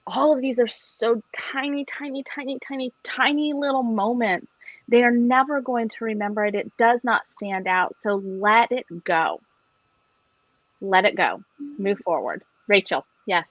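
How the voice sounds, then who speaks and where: A woman in her forties speaking forcefully and repeating words for emphasis on a panel. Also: on the high side, unhurried, no room sound, highs cut off. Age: 40s.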